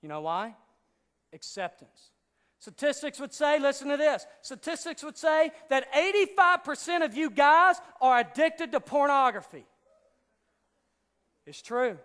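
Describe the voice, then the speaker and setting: A man preaching to teenagers, firing rhetorical questions at them and swinging from hushed intensity to shouted urgency. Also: very high voice, a little slow, big-room sound. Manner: rhetorical questions, direct address to teens. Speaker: youth pastor. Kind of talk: sermon.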